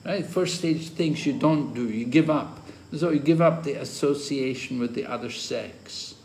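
Male spiritual teacher, scripture lecture, slow measured delivery, roomy echoey recording. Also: mid-range voice, darkish tone. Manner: slow, deliberate explaining with occasional chuckles. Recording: roomy echo with faint ambient noise.

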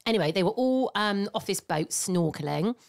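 Podcast co-host: woman, very lively pitch swings, chatty storyteller. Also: moderate pace, gravelly. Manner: expressive storyteller, laughs easily. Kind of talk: casual chat, storytelling.

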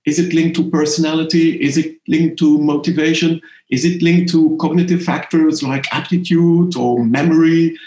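A middle-aged man speaks English with a French accent, his voice sitting a little high. He answers in a reflective, halting way with many restarts. The room adds a noticeable echo. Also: fairly even intonation, darkish tone. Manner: thoughtful, hesitant, frequent restarts. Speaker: interviewee, language professor. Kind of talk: conversational interview. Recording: roomy echo.

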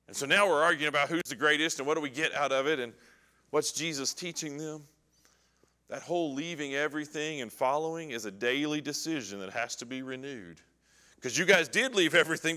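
A man teaching an adult Bible class, animated as he acts out scripture scenes and puts questions to the class. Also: a little high, long reverb tail.

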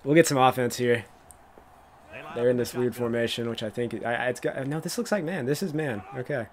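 An excitable man talks through his own video game plays in loose, casual commentary. He thinks aloud about each call and bursts out laughing at big moments, with a voice that cracks now and then. His pitch sits in an ordinary middle range. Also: fairly quick. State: voice cracking, coughing. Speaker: gaming YouTuber playing a football video game.

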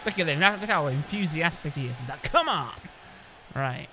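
A young man reacts live to a match he is playing, his voice high, bright and swinging all over the place. He cheers, groans and urges his players on. A faint hiss sits under the recording. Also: moderate pace. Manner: animated, cheering and groaning at the screen. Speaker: gaming video host. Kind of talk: excited live gameplay commentary.

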